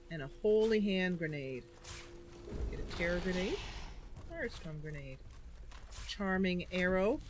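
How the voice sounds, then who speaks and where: A woman's voice: fairly low pitch, background noise. A woman hosting a game livestream, chatting casually and thinking aloud as she plays, often giggling. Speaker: livestream host.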